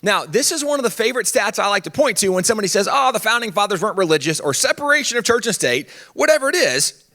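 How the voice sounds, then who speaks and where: A man addresses a conference crowd from the stage, his fairly high voice swinging widely as he talks. He keeps it conversational and funny, slipping in quick asides as he goes. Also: big pitch swings, pushed and bright. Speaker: conference speaker on history. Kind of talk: animated conference talk.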